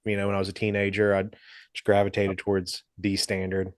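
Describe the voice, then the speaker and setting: A man hosting a video call chat about guitar rigs, relaxed and laid-back, with casual swearing. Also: fairly low pitch, brisk, dry recording, clean studio sound. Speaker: host.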